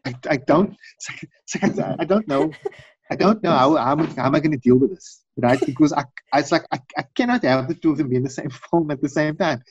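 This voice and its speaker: A middle-aged man in casual chat, telling long rambling stories and acting out quotes in high voices. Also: fast talker, a little hiss or hum. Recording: dull dry recording.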